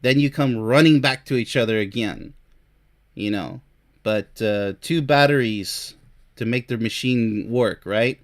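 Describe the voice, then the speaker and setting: A man's voice: medium pitch, a little slow. A man giving opinionated, scornful commentary while reviewing a relationship article, often mocking the quoted views.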